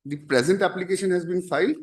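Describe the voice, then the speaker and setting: A man arguing a case as an advocate in a courtroom, formal and halting, constantly addressing the bench. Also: high voice. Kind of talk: courtroom argument.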